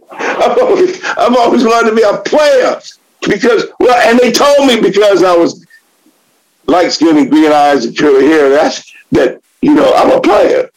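High-voiced older man sharing at a meeting. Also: measured pace, poor audio. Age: 70s. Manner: animated, profane, laughing often, swings from shouting to quiet reflection. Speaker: AA meeting speaker. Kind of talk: sharing personal story at recovery meeting.

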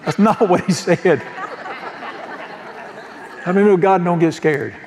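Male pastor, folksy joking sermon delivery, slightly high pitch, reverberant sanctuary. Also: unhurried, darkish tone, a faint crowd. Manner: folksy, joking preacher who asks the congregation questions. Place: church sanctuary.

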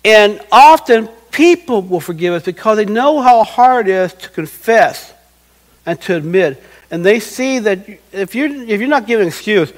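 A middle-aged male pastor delivers an earnest sermon in a high, light voice. He slips into little quoted voices to act out what people say, then comes back to plain teaching. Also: animated, moderate pace, poor audio.

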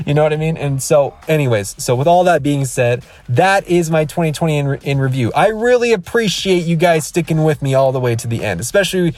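A man's voice: a little high, darkish tone. A man in his thirties, a podcast host, giving an emphatic, rambling motivational rant from his car, recorded on a phone. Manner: emphatic, repetitive, rambling with restarts. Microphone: iPhone.

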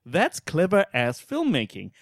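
Man from Australia, podcast co-host, lively swinging delivery, blunt and profane. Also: on the high side, unhurried, creaky, no echo, clean studio sound. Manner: animated, swears freely, laughs often. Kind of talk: casual film podcast chat.

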